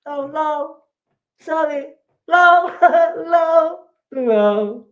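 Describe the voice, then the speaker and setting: Mocking high sneer of a dismissive man, put on by a man, lo-fi stream sound. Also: expressive, very slow, heavily acted. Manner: whiny, sneering, high-pitched "lol"s.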